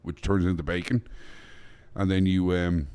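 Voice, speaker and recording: A man's voice: deep voice, flat delivery, normal speed, a little mellow, clean tone. A man with an Irish accent, chatting as a guest chef on a podcast, blunt and profane. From Ireland. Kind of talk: casual podcast chat.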